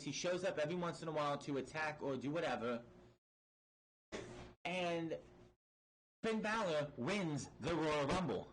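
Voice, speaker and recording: A man's voice: fairly high pitch, a little hiss or hum, rough recording. Blunt, swearing man recapping wrestling. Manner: blunt and emphatic, swears, restarts sentences. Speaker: wrestling show reviewer. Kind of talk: casual recap and opinion commentary.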